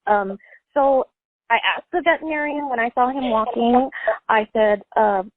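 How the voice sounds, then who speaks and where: A woman's voice: a little high, normal speed, no echo. A woman caller telling a personal story in a rambling way, full of fillers and "like". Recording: tinny phone line, dry.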